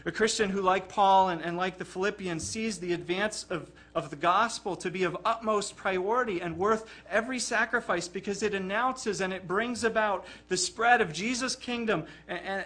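A man's voice: sits high, moderate pace, few pauses, a bit bright. A man preaching a sermon in an earnest, emphatic way, often repeating words as he presses a point.

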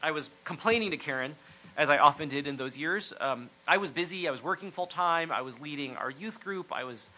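A man preaching a sermon, earnest and reflective, often dropping to a near hush to stress a point. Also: on the high side, animated, a little fast, slight background noise, low-quality recording. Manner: earnest, reflective, drops to near-hushed phrases for emphasis.

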